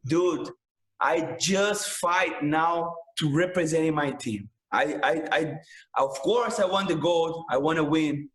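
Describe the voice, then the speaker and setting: A man's voice: fairly high pitch, slow, a bit bright, reverberant, rough recording. A man, a jiu-jitsu instructor talking passionately in a casual podcast interview, filling his speech with "man" and "bro".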